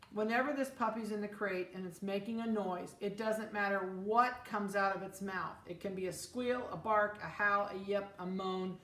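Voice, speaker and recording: A woman's voice: medium pitch, fairly bright tone. Firm woman breeder, echoey room. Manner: firm, direct, repeats key rules. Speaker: dog breeder. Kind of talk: informal instructional talk. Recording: echoey room with faint ambient noise.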